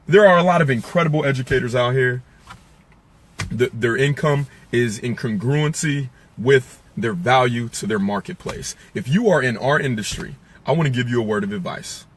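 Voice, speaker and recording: A sales coach delivers an emphatic, preachy motivational talk on selling to his viewers, repeating lines as he goes. His expressive, slightly rough voice moves at a normal speed, swinging between loud preaching and low, quiet asides.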